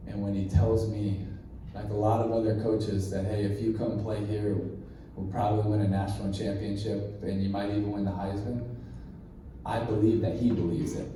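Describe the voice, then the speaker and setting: A man in his thirties giving a motivational keynote speech, telling a story and acting out the dialogue in an animated way. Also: on the low side, normal speed, slight background noise. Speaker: keynote speaker. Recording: echoey hall from far off.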